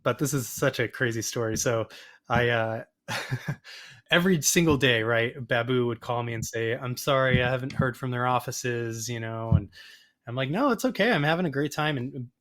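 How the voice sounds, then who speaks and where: A man guest telling a rambling, animated story in a casual interview, often acting out the voices of people he quotes. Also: medium pitch, normal speed. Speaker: photographer and podcast guest.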